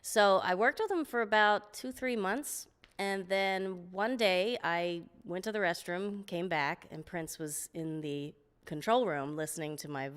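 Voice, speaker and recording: A middle-aged woman, a guest singer, telling lively stories in an interview, often laughing and acting out what people said. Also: fairly low pitch, measured pace, smooth. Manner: lively storyteller, laughs often, acts out quotes. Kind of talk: storytelling interview. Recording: long hall reverb.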